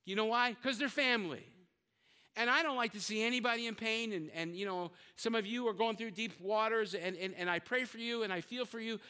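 An older man preaches with a very high, forceful, ringing voice. He talks to his church in a loose, chatty way, throws in joking asides and stumbles over repeated words. His voice carries a long reverb, as if it rings through a church hall. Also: fairly quick, smooth. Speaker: pastor. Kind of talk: sermon.

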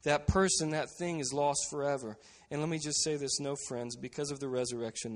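A man preaching a sermon as a pastor, earnest and steady, dropping to a quiet voice to stress key phrases. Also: fairly high pitch, fairly quick, hardly any pauses, big-room sound.

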